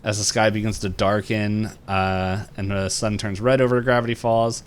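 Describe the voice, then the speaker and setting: Man, podcast co-host, lowish clear voice; meandering episode recap, full of ums, jumps into quick voices for the characters. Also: little pitch movement. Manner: rambling retelling with many fillers and quick character quotes. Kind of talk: casual chat.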